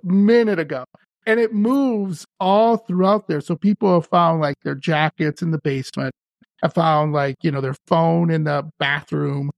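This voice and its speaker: A woman host in casual conversation, telling stories in an animated way and agreeing often. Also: low voice, creaky, no echo, dull audio. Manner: animated storyteller, quick to agree.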